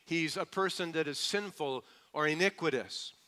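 Bright, clear-voiced male preacher. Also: a little high, normal speed. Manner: preaching with call-and-response questions to the congregation. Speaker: pastor. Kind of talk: sermon.

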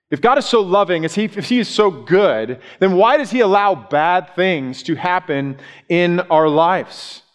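A man preaches a sermon in a reverberant hall, his voice set a little high for a man. He tells the story in an animated way and acts out the voices of the people in it. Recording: long reverb in a large hall.

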